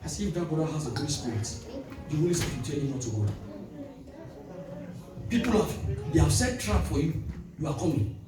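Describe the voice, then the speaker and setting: A male pastor preaches with a lively, swooping pitch, calling for amens and bursting into shouts. He sounds far from the mic in a big reverberant hall, with music clearly playing beneath him. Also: a little fast, pauses often. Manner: animated preaching with call-and-response, sudden shouts. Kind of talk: sermon. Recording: echoey hall, distant mic, music behind.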